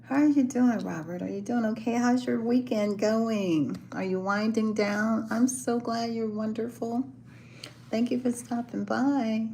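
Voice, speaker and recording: A woman's voice: on the high side, steady tone, measured pace, creaky, mellow, a little hiss or hum, rough recording. A woman hosting a casual live chat, talking with viewers, laughing often and acting out the voices of the people in her stories. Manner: chatty, laughs often, acts out quoted voices. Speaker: livestream host chatting with viewers. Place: hotel in a city, music from a band downstairs.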